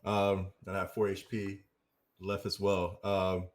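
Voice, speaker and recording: A man playing a tabletop game, asking halting, hesitant questions in casual chat. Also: low-pitched, completely flat delivery. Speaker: player.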